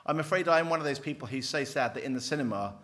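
A middle-aged man lecturing on theology from a handout, lively, with wry, self-deprecating asides. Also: mid-range voice, racing. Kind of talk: teaching with a handout.

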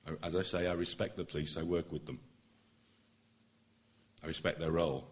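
A middle-aged man, a barrister, addressing a public meeting in an earnest, emphatic way that builds to forceful points. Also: extremely low pitch, steady tone, normal speed. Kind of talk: public speech.

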